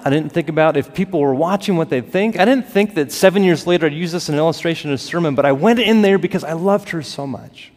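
Pastor, male, fairly high voice, preaching with passion in a reverberant church hall. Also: fast, hardly any pauses. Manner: impassioned, builds to emphatic peaks then drops soft. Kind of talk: sermon. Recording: long reverb of a large hall.

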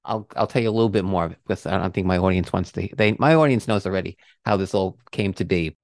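A man's voice: low-pitched, fast talker, darkish tone, dry recording. A man hosting a podcast interview, asking rambling questions with restarts and heartfelt praise. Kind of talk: casual interview.

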